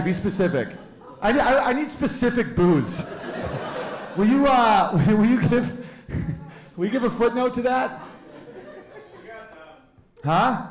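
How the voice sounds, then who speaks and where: Brash crude comedian in a roomy club. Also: male voice, high-pitched. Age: 30s. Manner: brash, crude, riffing with the crowd. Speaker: stand-up comedian. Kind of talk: stand-up comedy set.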